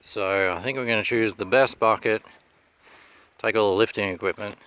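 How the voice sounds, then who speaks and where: A man giving a laid-back, halting walkthrough of an old machine, with many pauses and "uh"s, speaking into a handheld camera inside a running dragline cab. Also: steady tone, fairly bright tone, clean tone. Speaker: machinery restorer. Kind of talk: casual walkthrough narration. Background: faint engine rumble.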